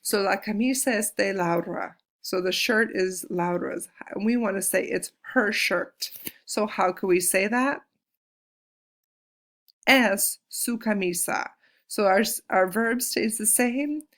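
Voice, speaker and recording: A woman teaching a Spanish lesson, patiently slowing down to model each Spanish word. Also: mid-range voice, fairly bright tone. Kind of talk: recorded classroom lesson.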